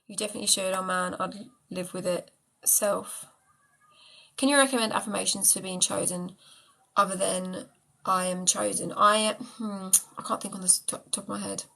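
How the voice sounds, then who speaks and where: Chatting casually on a live stream, a woman who coaches manifestation fields viewers' questions and calls out to commenters with affection. Her voice is bright, forward and gravelly at a medium pitch, with a steady tone and normal speed, though the recording quality is low.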